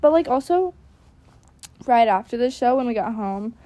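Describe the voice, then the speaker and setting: A woman's voice: fairly high pitch, expressive, moderate pace, dark tone, dry recording. A young woman giving casual, self-critical voice-over commentary on her riding videos, chatty and full of "like" fillers. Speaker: equestrian vlogger.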